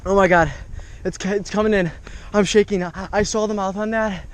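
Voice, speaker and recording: A man's voice: sits high, fairly even intonation, moderate pace. A man giving enthusiastic, exclaiming running commentary as a fishing vlogger, recorded outdoors on the water on an action camera.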